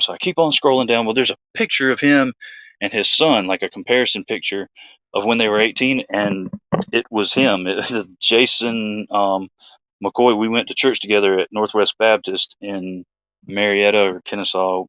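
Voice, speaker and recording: Laid-back low-voiced man rambling. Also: steady tone, moderate pace, a bit bright, dry recording, lo-fi sound. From Georgia, USA. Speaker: host. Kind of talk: casual storytelling chat.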